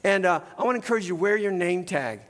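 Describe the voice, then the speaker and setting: A middle-aged male pastor preaching in a church, in a relaxed conversational way, often tagging "right?" onto his points. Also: high-pitched, fast, big-room sound. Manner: conversational, keeps adding "right?". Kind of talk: sermon. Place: church sanctuary.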